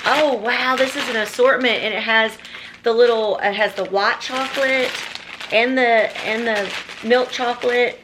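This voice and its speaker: A woman's voice: on the high side, fairly even intonation, measured pace, background noise. A woman chatting casually on camera while unboxing a gift box, gushing and exclaiming often. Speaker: vlogger.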